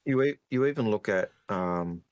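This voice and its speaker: A man's voice: on the low side, lively intonation, moderate pace. A man co-hosting a casual podcast, talking hesitantly with many fillers. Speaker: podcast co-host. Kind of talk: casual chat.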